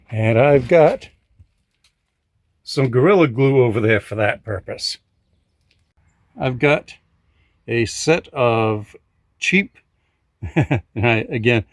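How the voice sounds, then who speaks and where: A man's voice: medium pitch, no room sound. A man giving a casual update on his car projects from his driveway, talking with dry, wry humor. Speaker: hobby car restorer and channel host. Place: outdoors in a driveway.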